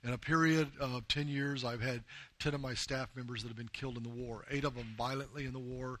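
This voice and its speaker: A man's voice: medium pitch, steady tone, fast, a bit bright. A man from the United States giving an earnest personal testimony as a missionary to a group of men, often calling them "guys". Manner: earnest storytelling, often addressing the listeners as "guys". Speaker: missionary speaking to a men's group.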